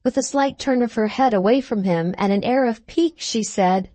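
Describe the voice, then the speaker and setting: Measured woman narrating a classic novel. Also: fairly high pitch, mellow, dry recording. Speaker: audiobook narrator.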